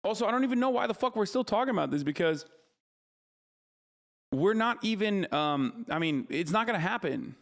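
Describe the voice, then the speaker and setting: A man's voice: high-pitched, expressive, moderate pace. A man streaming live, ranting heatedly about politics, cursing freely and answering his chat. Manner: heated, profane, argumentative. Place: streaming studio.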